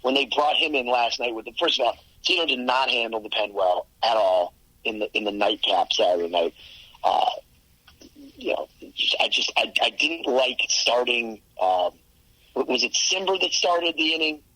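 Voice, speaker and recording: A man co-hosting a sports podcast in casual chat, analytical and quick to correct details, with a husky voice. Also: mid-range voice, sharp tone, dry recording, poor audio. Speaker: podcast co-host.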